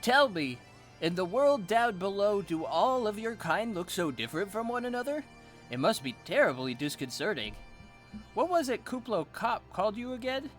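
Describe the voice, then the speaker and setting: A man's voice: high voice, sing-song, moderate pace, fairly bright tone, faint music behind, voice pushed up. A man voicing a pompous, theatrical male moogle leader.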